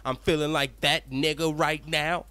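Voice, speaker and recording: A man voicing a brash, boastful male fighter who gloats and curses in loud bursts. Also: fairly high pitch, flat delivery, measured pace, smooth, no echo.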